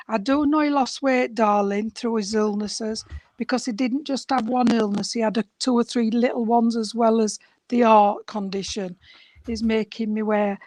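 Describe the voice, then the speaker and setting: A woman medium, her voice somewhat high and growing hoarse as she talks. She speaks warmly and familiarly, calling her listener sweetheart and darling. The sound is dry and close, with no room around it. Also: no echo. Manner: affectionate, addresses sitter as sweetheart and darling. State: voice going hoarse. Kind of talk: mediumship reading.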